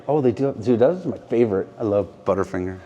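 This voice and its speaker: A man with a lowish voice and lively intonation talks fast, his recording muffled and laid over music. He's a mechanic hosting a casual vlog in his company's indoor workshop, joking with the cameraman as he strips down an engine and explains what he checks.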